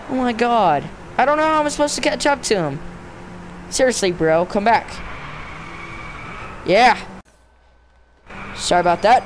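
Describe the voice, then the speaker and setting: Excitable young gamer guy yelling at a race. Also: high-pitched, a little slow, long pauses, a little hiss or hum. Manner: excitable, frustrated, bursts into yelling outbursts; talks to the game and himself, slangy, "dude" and "bro". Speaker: gamer narrating his own play. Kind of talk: casual let's-play commentary.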